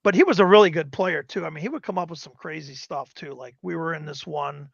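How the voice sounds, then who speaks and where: A man's voice: on the high side, fast, gravelly, no room sound. A man in his fifties casually telling rambling tabletop gaming stories as a guest on a live stream. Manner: rambling, animated retelling with acted quotes. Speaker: guest gamer. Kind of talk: casual storytelling. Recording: dull lo-fi stream audio.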